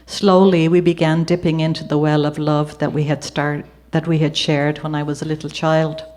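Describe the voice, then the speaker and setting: A woman's voice: sits low, level tone, normal speed. A woman with an Irish accent reading from her memoir at a gallery event, switching between reading and chatty, conversational storytelling. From Ireland. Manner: warm conversational asides with occasional laughter. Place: gallery event before an audience.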